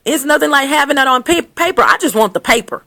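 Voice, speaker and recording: A woman's voice: high-pitched, expressive, quick pace, gravelly, sharp tone, voice pushed up, heavily acted. An earnest man pleads, insisting he believes and only wants proof, as a woman vlogger acts him out. The delivery is sincere and a little raised, close to her own speaking voice. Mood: pleading.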